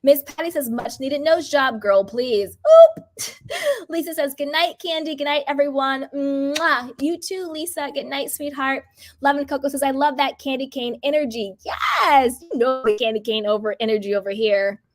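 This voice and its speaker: A woman's voice: sits high, moderate pace. A woman hosting a casual livestream, reading out chat comments in a bubbly, gossipy way. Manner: bubbly, gossipy, uses "like" a lot.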